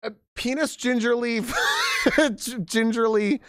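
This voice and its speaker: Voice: mid-range voice, lively intonation, a little slow, dry recording, clean studio sound. A young adult live streamer chatting casually with viewers, giggling often, swearing freely and rambling through restarts.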